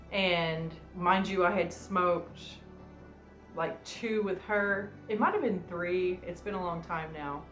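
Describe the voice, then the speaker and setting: A woman's voice: fairly low pitch, slow, fairly bright tone. A woman vlogger telling a personal story in casual chat, rambling with many fillers like "um" and "you know". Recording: roomy room with faint music.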